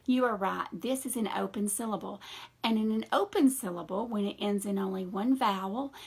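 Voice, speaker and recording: A woman teaching a phonics lesson to young children in a slow, encouraging, sing-song teacher voice. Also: medium pitch, husky. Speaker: reading teacher.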